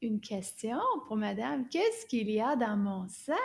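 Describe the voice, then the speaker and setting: Slow, gentle woman teaching young kids. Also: a little high, expressive, vocal fry. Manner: gentle, encouraging, exaggerated slow repetition of phrases. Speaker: French teacher for children. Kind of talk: slow, clear children's language lesson with puppet.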